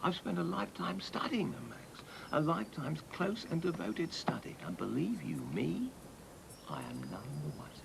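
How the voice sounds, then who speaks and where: Pompous grumbling bloke, gravelly voice, noisy recording. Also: male voice, fairly high pitch, big pitch swings, normal speed, full character voice. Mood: wry. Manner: pompous, wry. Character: pompous, grumbling middle-aged man.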